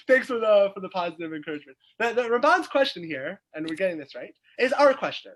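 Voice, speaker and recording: A man's voice: sits high, sing-song, a little fast. A man, teaching a weekly Torah class as a rabbi over a video call, explaining by asking questions aloud. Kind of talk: lively text study lecture.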